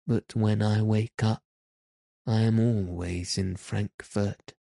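A man's voice: on the low side, fairly even intonation, slow pace, gravelly, dark tone, no echo, clean studio sound. A man reading as a homesick little girl. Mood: homesick, plaintive. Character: small frightened orphan girl, homesick.

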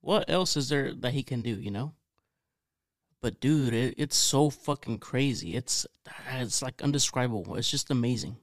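A man in casual banter who gets excitable, swears freely and keeps calling his friend dude. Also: medium pitch, moderate pace, no room sound, clean studio sound. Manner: excitable, swears a lot, says dude constantly.

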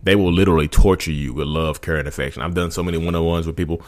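Deep-voiced man talking casually to viewers. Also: steady tone, rapid-fire. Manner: informal, restarts and repeats phrases, addresses viewers as y'all. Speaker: vlogger speaking about narcissism. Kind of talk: casual direct-to-camera talk.

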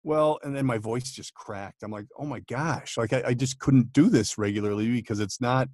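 Casting: talkative voiceover man, mid-pitched, dry close mic, lots of restarts and laughs. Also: normal speed, darkish tone, dry recording. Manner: chatty, laughing storyteller with many restarts. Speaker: podcast guest, voice actor. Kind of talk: casual chat. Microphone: home studio microphone.

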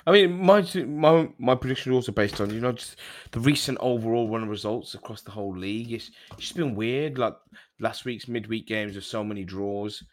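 A man co-hosting a casual football podcast, measured and full of fillers. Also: on the low side. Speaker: podcast co-host.

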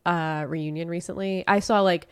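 A woman's voice: on the low side, steady tone, normal speed, clear, resonant tone. A woman co-hosting a podcast, giving blunt opinions in casual chat with many fillers. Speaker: podcast co-host.

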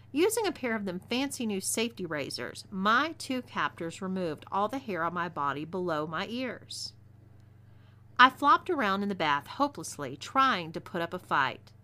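Texas woman reading a story aloud, bright voice, lots of ups and downs. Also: medium pitch. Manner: expressive, twangy. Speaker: story narrator. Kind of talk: scripted first-person story narration.

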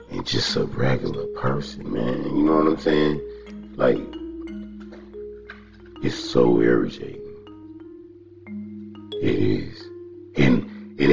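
A man with an extremely low, gravelly voice talks through a casual podcast monologue. He tells stories in an animated, profane way and breaks into laughter. The sound is a little muffled, with faint music underneath. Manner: animated storytelling, frequent cursing and laughter.

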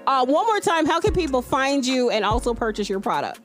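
A woman's voice: high voice, sing-song, fairly quick, soft background music. A woman hosting a podcast in casual interview chat, bubbly and laughing often. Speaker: podcast host.

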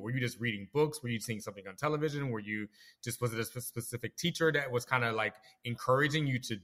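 Fast-talking bright-voiced man host. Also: medium pitch. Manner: rambling, restarts while forming questions. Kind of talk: casual interview chat.

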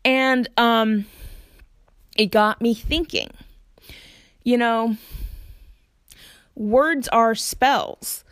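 A woman's voice: on the high side, extremely slow, pauses often, a bit bright, clear, resonant tone, no room sound, studio quality. A woman talking casually and reflectively to her viewers, hesitant and searching for words with lots of fillers. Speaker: solo vlogger giving spiritual practice tips. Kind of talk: casual reflective talk to camera.

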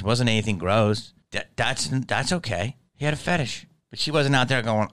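Man, middle-aged, comedian, swearing, animated riffs, dry close sound. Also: medium pitch, normal speed, few pauses, clean tone, no echo. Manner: profane, animated riffing with put-on voices. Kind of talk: casual comedic monologue.

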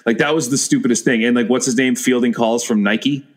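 A man's voice: mid-range voice, steady tone, brisk. A man in casual podcast chat, bluntly mocking a show and acting out scenes. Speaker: podcast co-host.

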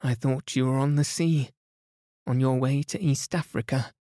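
A man's voice: medium pitch, fairly even intonation, normal speed, dark tone, no room sound, studio quality, pitched above the performer's own voice, natural voice. A man voicing a startled, grieving lady of the manor who gasps her words in a bedtime story reading. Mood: shocked. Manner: gasping, shocked.

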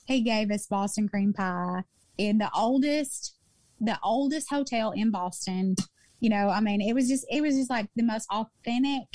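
A woman from Mississippi with a Southern accent, co-hosting a podcast and telling travel stories in a chatty, animated way, repeating lines for emphasis. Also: on the high side, moderate pace, no echo. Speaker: podcast co-host. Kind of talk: casual storytelling chat.

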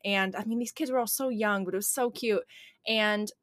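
A woman's voice: mid-range voice, fairly even intonation, normal speed, a bit bright, no echo, studio quality. A woman in her twenties, a podcast co-host telling stories in casual chat, full of fillers. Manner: chatty storyteller, lots of "like" fillers.

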